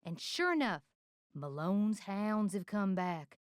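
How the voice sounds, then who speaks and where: A folksy southern gossip. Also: female voice, mid-range voice, very animated, takes it slowly, no room sound, clean studio sound. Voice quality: smooth, twangy drawl. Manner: folksy, warning storyteller. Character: friendly small-town southern woman, gossipy.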